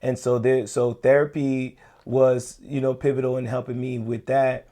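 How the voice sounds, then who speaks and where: A man in his thirties, a podcast co-host, reflecting on his marriage in halting speech full of restarts and "you know". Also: medium pitch, little pitch movement, mellow. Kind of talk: reflective personal storytelling.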